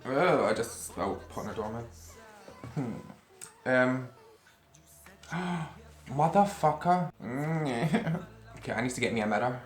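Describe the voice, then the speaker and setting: A man eats and talks to a camera facing him in a room at home, rambling and swearing freely in a casual eating-show style. He has a mid-range voice, a moderate pace and long pauses, with reverb and faint music behind him.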